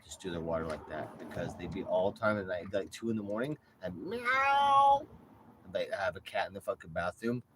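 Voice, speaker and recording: A man with a low voice, talking off the cuff in a loose, rambling way. He swears freely and drifts between chatter and gentle pet talk, with a faint hum of noise behind him. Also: fast talker, few pauses. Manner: rambling and profane, shifts into soft coaxing pet talk. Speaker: vlogger. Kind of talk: casual monologue while caring for his cat.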